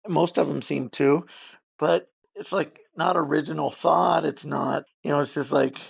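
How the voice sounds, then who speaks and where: A man co-hosting a casual chat, rambling in an easygoing way and laughing a lot, with a gravelly, husky voice. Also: on the high side, fairly even intonation, a little slow, dry recording. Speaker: podcast co-host.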